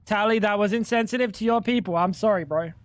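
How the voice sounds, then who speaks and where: A man's voice: sits high, quick pace, no room sound. A man, chatting crudely and rambling as he jokes with his livestream chat. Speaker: streamer. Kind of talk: casual gaming livestream chat.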